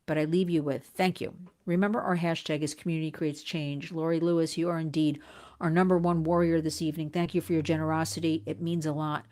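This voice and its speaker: A woman's voice: flat delivery, brisk, a little mellow. Urgent, earnest woman hosting a livestream. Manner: urgent, earnest, with frequent restarts and sudden pitch swings. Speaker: advocacy livestream host. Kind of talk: impassioned livestream address to viewers.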